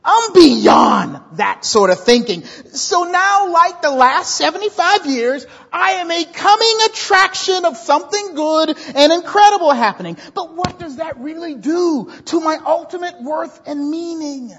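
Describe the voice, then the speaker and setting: Lady putting on a tired old woman full of doubt, high voice, echoey dull hall sound. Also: expressive, unhurried, few pauses, a bit bright, heavily acted. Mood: bitter. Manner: bitter, questioning. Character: weary, doubting elderly woman Sarah.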